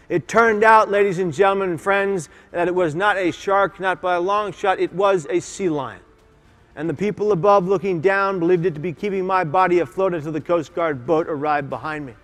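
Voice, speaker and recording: Male keynote speaker, high-pitched, passionate and emphatic, in a big reverberant conference hall. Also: fairly quick. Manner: impassioned, emphatic, leads audience call-and-response. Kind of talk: motivational keynote speech.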